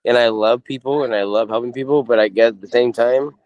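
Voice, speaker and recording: A man's voice: mid-range voice, fairly even intonation, fairly quick, darkish tone, no room sound, lo-fi sound. Man, podcast guest, blunt, heavy swearing, defiant, dry sound. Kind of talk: casual podcast chat.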